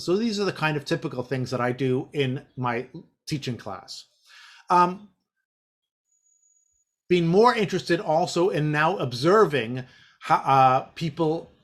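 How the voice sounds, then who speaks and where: Rambling man presenting to teachers. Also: mid-range voice. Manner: rambling, lots of fillers and restarts. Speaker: teacher trainer presenting a session. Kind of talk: casual teaching talk.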